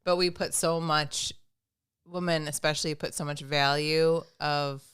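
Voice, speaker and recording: A woman's voice: low-pitched, fairly even intonation, unhurried, fairly bright tone, clear, resonant tone. A woman guest on a podcast, chatting frankly and casually, who swears and laughs easily.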